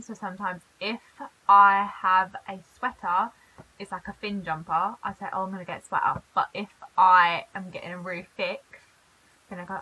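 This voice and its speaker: A British woman from the UK chatting in a casual vlog, animated and quick to laugh. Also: lowish voice, low-quality recording. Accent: British English. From United Kingdom. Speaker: YouTuber.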